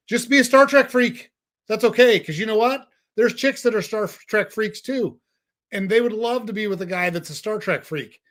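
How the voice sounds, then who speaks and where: A man in casual conversation, telling stories in a blunt, animated and profane way. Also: on the high side.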